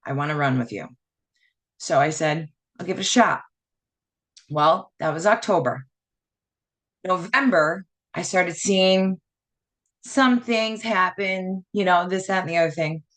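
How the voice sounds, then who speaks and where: A woman's voice: lowish voice, a little slow, long pauses, fairly bright tone. A woman in her thirties giving a personal testimonial as a network marketing presenter, rambling through her story with lots of "like" and "you know".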